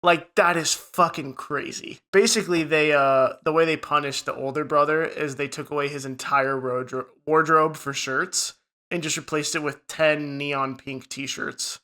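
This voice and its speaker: Young man, podcast co-host, bright, fairly high voice, profane, casual storytelling. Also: steady tone, moderate pace. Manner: swears a lot, retells a story with acted quotes. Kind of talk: casual chat.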